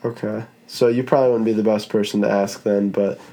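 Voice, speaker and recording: A man's voice: fairly low pitch, little pitch movement, a little fast, dark tone. A man hosting a casual podcast chat, rambling in a laid-back way and swearing now and then. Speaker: podcast host.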